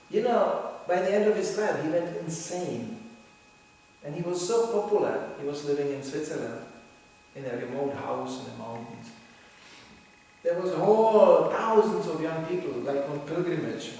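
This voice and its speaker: A man giving an animated devotional lecture, mocking voices and laughing as he teaches. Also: on the high side, a little hiss or hum. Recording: echoey hall from far off.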